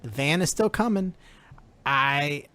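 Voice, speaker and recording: A man's voice: fairly high pitch, animated, takes it slowly, crowd noise. Laid-back man talking sports. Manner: laid-back, hesitant with fillers, jokey. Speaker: podcast co-host. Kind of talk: casual sports talk chat.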